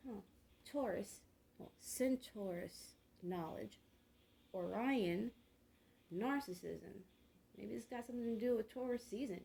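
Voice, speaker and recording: A woman's voice: mid-range voice, vocal fry, warm tone, a little hiss or hum, low-quality recording. A woman reading tarot cards, musing and murmuring card words to herself in a slangy, chatty way. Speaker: tarot reader.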